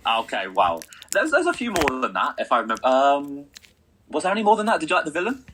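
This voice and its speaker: A man's voice: on the high side, a little hiss or hum. A young man co-hosting a film review, asking questions and teasing in a casual chat. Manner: quick, animated, asks questions, teasing.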